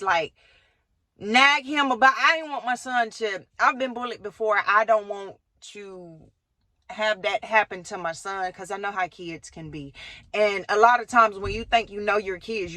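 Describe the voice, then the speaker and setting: A woman tells a family storytime straight to camera, animated and full of slang and the odd curse. Her voice is bright and forward. The sound is dry and close, with no room around it. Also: mid-range voice, dry recording. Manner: animated, talks straight to viewers with slang and swearing. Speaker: vlogger. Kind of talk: storytime vlog.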